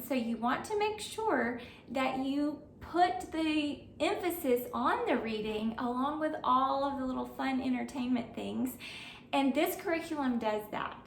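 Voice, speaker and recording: A homeschool mom speaks in a high, bright register with an earnest, encouraging tone. Her voice carries an echo, as if she sits back from the mic in a bare room with a faint hum behind her. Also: distant mic. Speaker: homeschool mom reviewing curriculum. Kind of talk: friendly review talk to camera.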